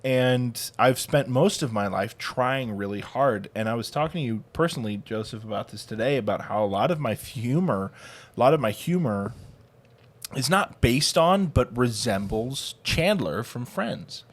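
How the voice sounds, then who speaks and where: A man in his thirties co-hosts a relaxed podcast chat. He is sarcastic, laughs often and tells his stories in a middle-pitched voice. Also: moderate pace. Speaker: podcast co-host. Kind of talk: casual chat.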